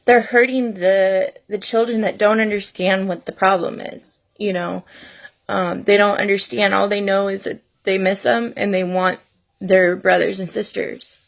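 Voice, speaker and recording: Woman in her thirties; unhurried, gravelly, teary personal vlog talk. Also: mid-range voice, flat delivery. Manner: tearful, earnest, pleading. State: crying at times. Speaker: vlogger.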